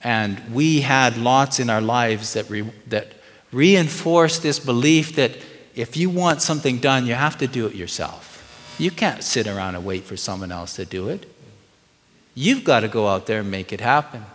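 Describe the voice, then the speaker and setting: A man's voice: medium pitch, animated, unhurried, a bit bright, in a large hall. A middle-aged man preaching a sermon, earnest and conversational, asking the congregation questions as he goes. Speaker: pastor.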